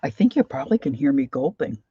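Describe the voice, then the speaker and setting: A woman's voice: rumbling low, sing-song, fast, lo-fi sound, noisy background. An older woman with a Philadelphia accent, chatting casually on a craft livestream and greeting viewers by name. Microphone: desk microphone.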